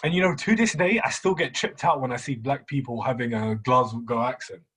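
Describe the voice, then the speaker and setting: Young guy cohosting a podcast, breathy voice, slangy, keeps repeating himself. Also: medium pitch, brisk, a bit bright. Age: young adult. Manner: slangy, laughs often, repeats words. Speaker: podcast co-host. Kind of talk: casual chat.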